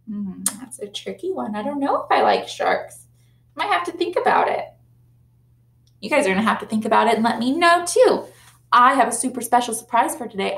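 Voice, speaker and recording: A woman's voice: medium pitch, fairly bright tone, reverberant. Sing-song teacher woman talking to kids. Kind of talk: circle time talk to young children.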